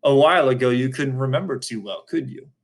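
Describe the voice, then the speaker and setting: A man as a calm, probing defense lawyer. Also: medium pitch, lightly acted. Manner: measured, probing questions. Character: calm, methodical middle-aged male lawyer.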